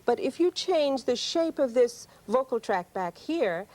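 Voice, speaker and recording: A woman's voice: sits high, sing-song, a little slow, darkish tone. A woman explaining and demonstrating how the voice works as a guest expert on a live television science show. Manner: patient, explanatory, demonstrating sounds.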